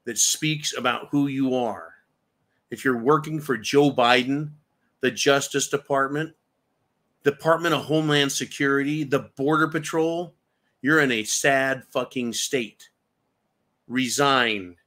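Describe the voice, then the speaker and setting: His mid-range voice has a sharp tone. He's a political commentary host in an angry mood, swearing heavily and firing off rhetorical questions throughout his rant.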